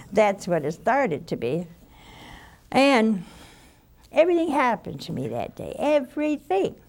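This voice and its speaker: Telling personal stories during an informal spiritual talk, an aging nun keeps things folksy and slow, adding sighs and soft side remarks. Her voice is fairly low and creaky.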